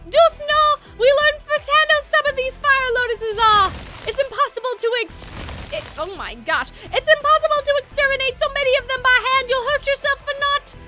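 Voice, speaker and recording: A woman's voice: extremely high pitch, moderate pace, pushed and bright, soft background music, voice pushed up. A woman voicing a flowery, theatrical young man hunter with a dry throat, speaking in grand, poetic phrases.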